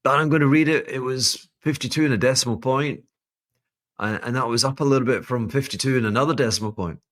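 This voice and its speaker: A man's voice: medium pitch, fast, a bit bright, no room sound, clean studio sound. A man hosting a solo podcast, giving rambling, wry, self-mocking market commentary with laughing asides. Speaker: podcast host.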